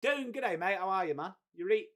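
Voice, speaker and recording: Sweary stream host. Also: male voice, high-pitched, lively intonation, a little fast, a bit bright. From England. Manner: chatty, swears freely, greets viewers by name. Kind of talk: casual live watchalong chat.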